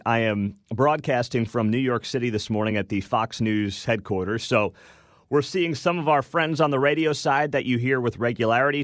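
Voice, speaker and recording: A man's voice: mid-range voice, a bit bright, no room sound. A young man hosting morning talk radio, chatty and sarcastic, speaking into a studio microphone. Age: young adult. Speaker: radio talk show host.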